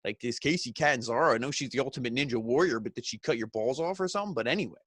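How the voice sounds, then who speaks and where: Male reviewer, mid pitch, sardonic and crude, dry close sound. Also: very fast, a bit bright, husky, dry recording. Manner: sarcastic, profane, mocking impressions of wrestlers. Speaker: wrestling show reviewer. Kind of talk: casual recap commentary.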